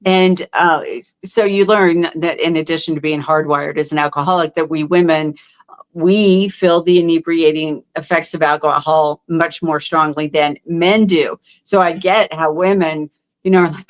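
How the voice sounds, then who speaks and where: A middle-aged woman speaking as a guest in a candid podcast interview. Her voice sits a little low, and she talks in a heartfelt, halting way, full of fillers and restarts. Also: fairly even intonation.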